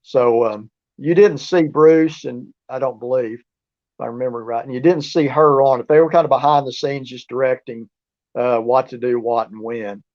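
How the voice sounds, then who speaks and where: A man tells stories as an interview guest, rambling and restarting his sentences. His voice sits at an ordinary middle pitch. The audio is dull and lo-fi. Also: steady tone, moderate pace, darkish tone. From southeast Oklahoma. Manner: rambling, with many restarts and fillers. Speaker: guest, researcher and author. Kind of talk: casual storytelling interview.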